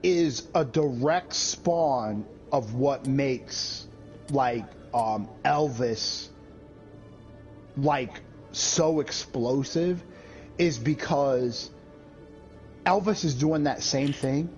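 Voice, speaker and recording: A man's voice: medium pitch, drawn-out words. A man chatting casually on a gaming stream, swearing a lot and acting out the people he talks about. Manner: profane, animated, does voices of people he tells about. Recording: dull lo-fi stream audio with faint game music.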